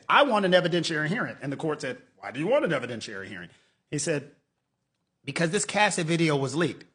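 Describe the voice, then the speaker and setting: An animated middle-aged man talking through legal news in a casual, mocking way. He acts out quotes and pokes fun. His voice sits a little high for a man. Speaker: lawyer commentator.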